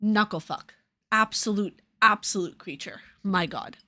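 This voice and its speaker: A woman with a New Jersey and New York accent talks casually to her livestream chat. She is sarcastic and profane, swinging from loud retorts to low mutters. Her voice sits at an ordinary middle pitch. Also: unhurried. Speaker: streamer.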